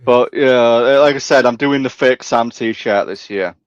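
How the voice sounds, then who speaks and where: A man's voice: mid-range voice, a little slow, smooth, no room sound, highs cut off. A British man guesting on a livestream, joking and teasing in a playful way. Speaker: stream guest. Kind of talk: casual chat.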